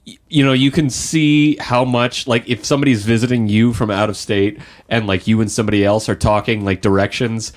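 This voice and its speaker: A man's voice: on the low side, steady tone, a little fast. Joking young man, casual chat. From San Diego, California. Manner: jokey, bursts into mock voices. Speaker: podcast co-host.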